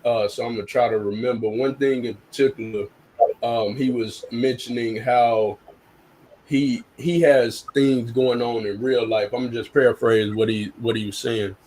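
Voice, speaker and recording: A man's voice: mid-range voice, steady tone, normal speed, a little mellow, slight background noise, rough recording. Blunt, earnest man chatting on a stream. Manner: earnest, blunt, repeats words when restarting. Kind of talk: casual live-stream chat.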